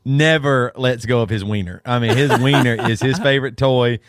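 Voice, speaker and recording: A man in his thirties co-hosting a podcast, telling family stories in a lively way and laughing often. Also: medium pitch, moderate pace, dry recording, clean studio sound. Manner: animated storyteller, laughs often. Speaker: podcast co-host. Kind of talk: casual chat.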